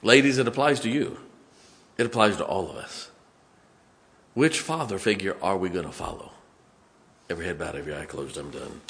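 A man preaching a sermon in a church, emphatic, swinging from loud to hushed. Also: low voice, expressive, a little fast, long pauses.

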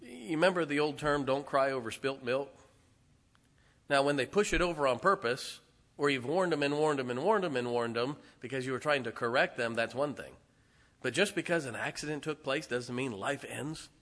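A man's voice: medium pitch, normal speed, a bit bright, big-room sound. A man preaching a conversational sermon as pastor, folksy and joking with his congregation. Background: congregation responding.

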